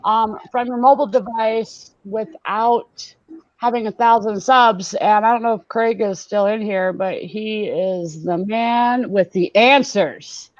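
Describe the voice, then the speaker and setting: Over dull, lo-fi video call audio, a woman speaks slowly in a mid-range voice with no echo. She's hosting a relaxed live-stream hangout, laughing a lot and reading comments from the chat aloud.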